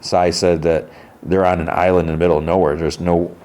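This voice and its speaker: Guy with a really low voice walking through a tv episode, chatty, quoting the characters. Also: level tone, a little fast, darkish tone. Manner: retells scenes conversationally, quoting characters' lines. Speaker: podcast host. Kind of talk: casual TV episode recap.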